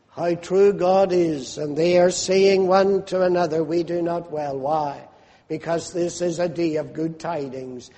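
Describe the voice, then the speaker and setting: A man's voice: high-pitched, darkish tone. A man preaching a sermon with fervent, swelling emphasis. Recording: long hall reverb.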